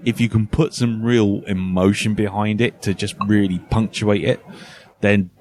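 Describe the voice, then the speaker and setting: A man's voice: lowish voice, steady tone, unhurried, a little mellow. A man hosting a casual podcast chat, rambling and laughing often. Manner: rambling, laughs often, lots of "you know". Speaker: podcast host.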